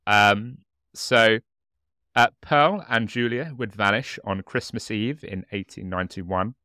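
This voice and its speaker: Low, bright-voiced man hosting a podcast. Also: slow pace, clear, resonant tone, no room sound, clean studio sound. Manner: relaxed, hesitant with many fillers, laughs often. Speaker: podcast co-host. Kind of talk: casual true-crime podcast chat.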